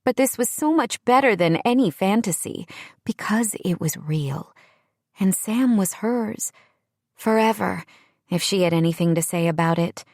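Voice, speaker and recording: A woman narrating a romance audiobook in a measured storytelling manner on a close studio microphone. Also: mid-range voice, expressive, no room sound. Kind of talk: scripted narration.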